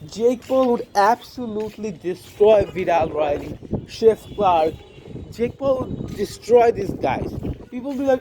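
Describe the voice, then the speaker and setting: High-voiced guy ranting about fights, blunt and sweary, faint noise in the background. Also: expressive, a little slow. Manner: blunt, profane, repetitive. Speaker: combat sports commentator. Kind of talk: casual opinion monologue.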